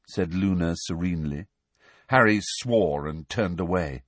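A man narrating a novel aloud in a measured storytelling manner. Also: low-pitched, dry recording. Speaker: reader. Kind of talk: audiobook narration.

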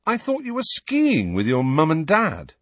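A man's voice: a little high, huge pitch swings, a little slow, no echo, pitched above the performer's own voice, exaggerated voice. A man reading aloud and voicing a stiff, resentful teenage boy in an audiobook. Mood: sullen. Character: sullen, defensive teenage boy.

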